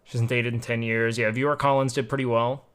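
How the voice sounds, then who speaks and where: A man's voice: mid-range voice, level tone, a little fast, a bit bright, clean tone. A young man livestreaming, chatting casually and musing aloud to his chat, swearing now and then, at a home desk mic.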